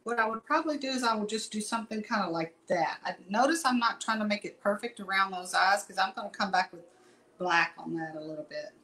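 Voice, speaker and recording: A woman's voice: mid-range voice, fast, bright, forceful tone, rough recording. Chatty woman teaching painting. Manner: chatty, rambling, folksy asides. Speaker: painting instructor. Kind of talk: casual live painting tutorial.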